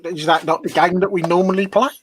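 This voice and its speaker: Dry-witted man with a higher voice. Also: quick pace, slight background noise. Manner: dry, deadpan quips. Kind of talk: casual chat while model building.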